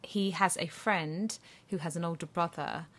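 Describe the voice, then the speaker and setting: A woman co-hosting a casual chat, hesitant and soft-hearted, with many fillers. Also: fairly low pitch, normal speed. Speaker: podcast co-host.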